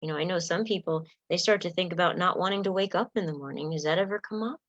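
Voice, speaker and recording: A woman with a lowish voice teaches an earnest self-help lesson, acting out short sample replies as she goes. The sound is dry and a little dull, with no room around it. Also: quick pace, no room sound. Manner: earnest, acts out sample dialogue lines. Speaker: coach giving tips.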